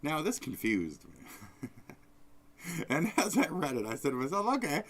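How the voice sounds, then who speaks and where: A man hosting a live stream, rambling in a profane, off-the-cuff way, jumping between loud outbursts and low mutters. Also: huge pitch swings, normal speed. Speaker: streamer host. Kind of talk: casual live-stream rant.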